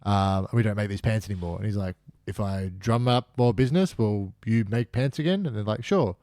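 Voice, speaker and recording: A man guesting on a podcast, retelling scenes in an animated way and acting out quotes. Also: on the low side, a little fast, dry recording. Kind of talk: casual chat.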